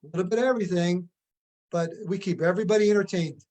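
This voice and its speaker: A man's voice: high voice, fast talker, darkish tone. A man who plays in a tribute band, explaining his points at length in a casual interview.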